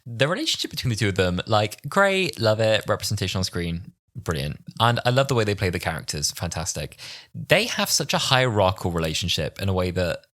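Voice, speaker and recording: A deep-voiced man in his twenties, co-hosting a podcast in an animated, chatty way. His pitch swings widely as he talks, and he breaks into laughter easily. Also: fairly quick. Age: 20s. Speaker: podcast co-host. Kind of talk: casual podcast chat.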